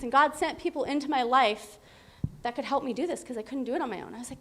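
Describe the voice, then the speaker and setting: A woman's voice: sits high, expressive, fast talker, a bit bright. A woman in her thirties sharing her personal recovery story at a meeting, candid and emotional, laughing often as she talks. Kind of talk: personal testimony.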